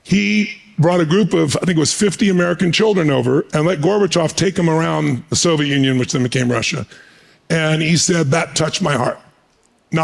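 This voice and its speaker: A middle-aged man telling an animated story in conversation, acting out the people in it. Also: fairly high pitch. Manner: animated, gravelly, acts out the people in his story. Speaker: motivational speaker.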